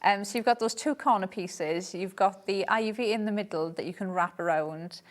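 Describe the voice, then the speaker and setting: A woman's voice: medium pitch, moderate pace. Enthusiastic woman demonstrating craft products. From Wales. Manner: enthusiastic, explaining product details. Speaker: craft product guest presenter. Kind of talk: live TV shopping demonstration.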